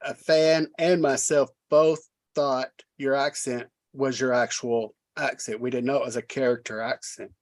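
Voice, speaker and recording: A man's voice: medium pitch, fairly even intonation, unhurried, hardly any pauses. A man hosting a casual interview, eagerly praising and prompting his guest like a fan. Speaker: host.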